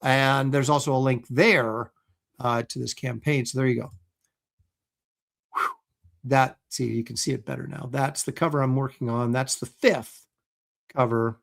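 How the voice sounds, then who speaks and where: A middle-aged man chatting casually as the host of a livestream. His voice sits at an ordinary middle pitch, and his talk is loose and rambling, full of ums and uhs. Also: steady tone, measured pace, vocal fry, pauses often, fairly bright tone. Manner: chatty, loose, lots of fillers.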